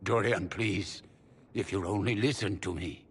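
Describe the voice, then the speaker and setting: An actor playing a stern but remorseful older male magister who pleads with his son in a measured, apologetic manner. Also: sits low, breathy edge, full character voice. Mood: pleading. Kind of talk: game character dialogue.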